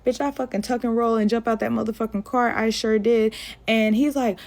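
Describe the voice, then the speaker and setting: A young woman telling a storytime monologue in a blunt, animated and heavily profane way. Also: fairly high pitch, a little fast.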